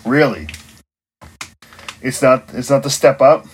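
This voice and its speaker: A man with an average-pitched voice chats casually on a remote podcast. He keeps things light with short quips and joking questions. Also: animated, slow, slight background noise, poor audio. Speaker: podcast co-host. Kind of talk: casual chat. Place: recording remotely.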